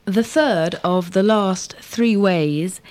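A woman's voice: mid-range voice, slow, a little mellow. A woman answering a scripted grammar drill, carefully repeating the full sentences. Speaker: lesson respondent.

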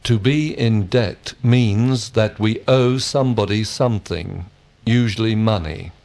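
A man giving steady, full-sentence answers in a scripted language drill. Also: fairly low pitch, unhurried, creaky. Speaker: model student.

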